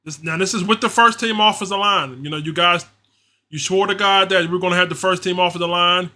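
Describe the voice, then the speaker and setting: Bright, high-voiced ranting fan man. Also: fairly even intonation, brisk. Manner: frustrated, repetitive, slangy, ranting. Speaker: livestream host doing play-by-play. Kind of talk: casual fan play-by-play and reaction.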